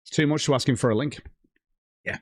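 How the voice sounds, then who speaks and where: A man's voice: mid-range voice, fairly quick, no echo, studio quality. A man ranting angrily on his livestream, swearing heavily and reading out chat messages. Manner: profane, heated, reads chat aloud. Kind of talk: angry stream rant.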